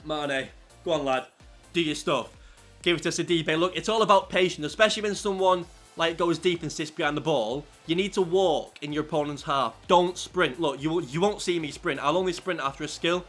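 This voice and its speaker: A man commentating his own football video game, out of breath, shouting at big moments and chatting fast in between. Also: a little high, faint music behind. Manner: shouts excitedly over goals, then talks fast and loose. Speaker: gaming YouTuber. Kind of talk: excited gameplay commentary.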